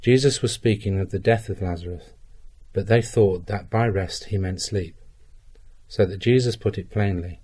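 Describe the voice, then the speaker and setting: A man reading a Gospel passage aloud in a measured, even way. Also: low voice, husky. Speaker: scripture reader.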